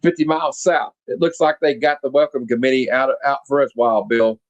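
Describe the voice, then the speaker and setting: A man's voice: mid-range voice, fairly even intonation, a little fast, muffled recording. A man hosting a comic club, casually reading a comic aloud and joking about it. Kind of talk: casual comic read-along.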